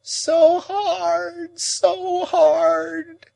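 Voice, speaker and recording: A man doing a shrill, wailing old woman. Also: big pitch swings, slow pace, no room sound, full character voice, poor audio. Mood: moaning. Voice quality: shrill, quavering, moaning. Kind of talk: audiobook character reading.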